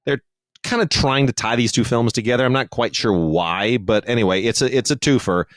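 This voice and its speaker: A man's voice: mid-range voice, fairly quick, dry recording, clean studio sound. A man co-hosting a podcast about film releases, talking in a thoughtful, digressive way with many restarts and fillers. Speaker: podcast co-host reviewing home video releases. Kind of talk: casual podcast discussion.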